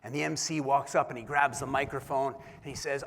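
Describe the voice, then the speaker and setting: A man giving a keynote speech, telling an animated, self-deprecating story and acting out the voices in it. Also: medium pitch, fairly quick, hardly any pauses. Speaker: keynote speaker. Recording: long hall reverb.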